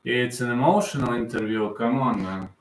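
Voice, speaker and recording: A man's voice: medium pitch, normal speed, echoey room, a little hiss or hum, rough recording. A man in his thirties hosting a live fight reaction stream, talking in an emotional, repetitive fan manner. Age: 30s.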